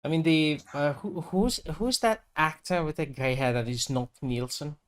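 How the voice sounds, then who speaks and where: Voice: mid-range voice, moderate pace. A player in casual chat before a tabletop game, joking and teasing.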